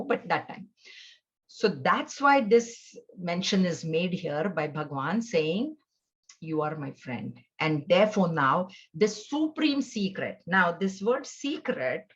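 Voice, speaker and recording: A woman teaching a scripture class, telling stories in a conversational way with fillers and restarts. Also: mid-range voice. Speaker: spiritual teacher. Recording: dull lo-fi recording.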